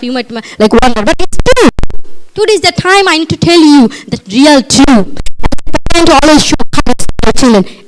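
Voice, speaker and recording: A middle-aged woman with a Bangladeshi accent and a high voice addresses a live audience as a parenting coach. She is animated and emphatic, and she piles up rhetorical questions and repeats her points. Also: slight background noise. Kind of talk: speech at a live community event. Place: community event before a live audience.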